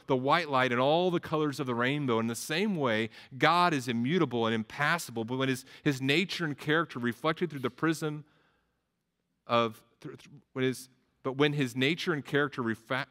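A man's voice: mid-range voice, fairly bright tone. A man preaching a sermon, earnest and explanatory, often stumbling and restarting phrases. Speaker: pastor.

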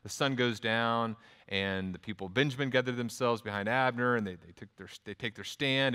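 Male Texan preacher, mid-pitched, chatty sermon delivery, long room reverb. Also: fairly quick, bright, forceful tone, clear, resonant tone. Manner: conversational preaching with restarts and quoted asides. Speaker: pastor.

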